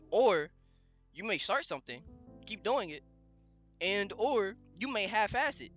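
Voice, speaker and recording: A man's voice: high voice, big pitch swings, unhurried, long pauses, fairly bright tone, faint music behind. A man co-hosting a podcast, talking emphatically in casual motivational chat with lots of swearing. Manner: emphatic, heavy swearing, preachy. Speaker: podcast co-host.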